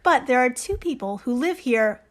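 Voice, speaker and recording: Woman cohost chatting, excitable, swears a lot, laughy, voice on the higher side. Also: normal speed, very noisy. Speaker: podcast co-host. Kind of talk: casual chat.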